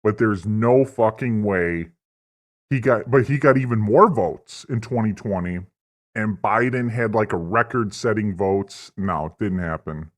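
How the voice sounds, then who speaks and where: A man's voice: on the low side, unhurried. A man hosting a livestream, delivering a profane, rambling, mock-earnest political rant. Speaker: livestream host. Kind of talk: satirical political stream rant.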